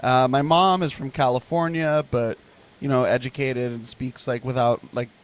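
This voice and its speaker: A man from Miami with a slight Hispanic Miami accent, chatting in a relaxed way. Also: medium pitch, normal speed, clear, resonant tone. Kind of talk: casual chat.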